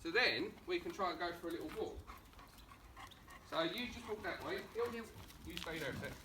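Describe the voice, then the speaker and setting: A calm man with an Essex accent explains dog training on a street and gives short firm commands like a coach. His voice sits fairly high for a man. He is recorded from some distance by the camera, with clear outdoor noise behind him. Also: brisk. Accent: Essex English. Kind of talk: on-location training instruction. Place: outdoors on a street during a home visit.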